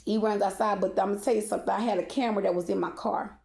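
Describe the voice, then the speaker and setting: Woman, casual storytime, blunt and cussing, mid-pitched voice, echoey room. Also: steady tone, rapid-fire, vocal fry, a little mellow. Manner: blunt and profane, peppered with "okay?".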